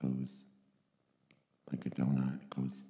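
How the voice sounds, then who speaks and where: A woman voicing an eerie, deep-voiced male presence that rambles in slow, gravelly murmurs. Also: completely flat delivery, warm tone, heavily acted. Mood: murmuring.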